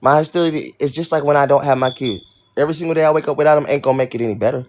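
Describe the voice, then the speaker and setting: Irritated young man, rapid profane rant, livestream host talking to chat. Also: a little high. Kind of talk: ranting livestream talk to chat.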